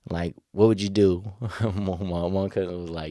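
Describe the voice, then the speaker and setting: Low-voiced man rambling casually. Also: steady tone, moderate pace, few pauses, dark tone, no echo, studio quality. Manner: rambling, laughs often, slangy; raises pitch when quoting others. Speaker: vlogger. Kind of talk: casual storytelling chat.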